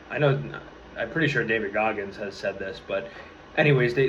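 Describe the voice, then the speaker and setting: A young man in his twenties talks to camera in a casual, motivational vlog. He sounds earnest and rambling, swearing freely and stopping to restart his thoughts. His voice sits in a middle pitch, and the audio is a little dull with a faint hum of the room behind him. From New York area. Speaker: vlogger.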